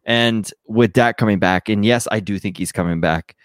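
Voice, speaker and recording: A man's voice: fairly low pitch, moderate pace, no echo, studio quality. A man co-hosting a podcast, chatting casually and rambling about fantasy football with restarts and fillers. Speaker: podcast co-host.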